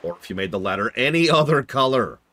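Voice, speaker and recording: A man's voice: mid-range voice, sing-song, fast talker, sharp tone. A man streaming live, commenting on a game as he plays and joking with chat in a rambling, self-deprecating way. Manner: talks to chat while playing.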